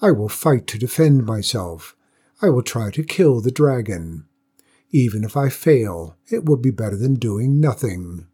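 Man as calm young heroine in a storybook, low husky read, steady and determined. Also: a little slow. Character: brave young village maiden healer, calm and determined.

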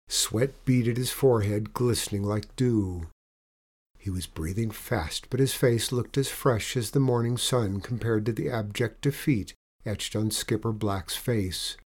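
A man narrating a storybook in an expressive, dramatic reading. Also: on the low side, unhurried, slightly rough.

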